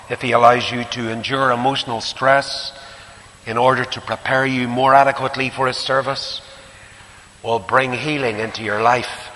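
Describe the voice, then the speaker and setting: A man's voice: mid-range voice, pushed and bright. An older man with a Northern Irish accent preaching a sermon, telling stories with shifting emphasis. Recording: echoey hall with faint hiss.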